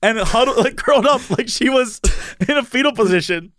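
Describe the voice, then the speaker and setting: A man with a notably high voice, recorded close and dry with no room sound. He tells his story in an animated way, laughing often and slipping into the voices of the people in it. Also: moderate pace, no room sound. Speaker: podcast host telling a story. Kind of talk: casual storytelling chat.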